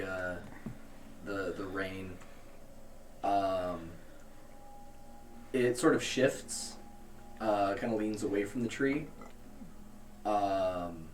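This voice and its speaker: Slow, hesitant man running a game. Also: on the low side, echoey room. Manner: hesitant, full of ums and restarts. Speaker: game master. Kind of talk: narrating a tabletop game. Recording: distant mic with faint noise.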